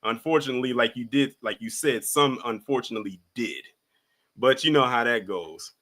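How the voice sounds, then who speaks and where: A man hosting a casual live call-in stream, talking with a bright, forceful tone. He is laid-back and repeats himself as he brings callers up one at a time. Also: medium pitch, normal speed. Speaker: livestream host.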